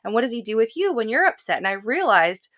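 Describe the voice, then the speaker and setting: A woman's voice: fairly high pitch, sing-song, fast, a bit bright. A woman hosting a podcast interview, telling a personal story in a candid, reflective way. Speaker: podcast host. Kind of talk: casual interview chat.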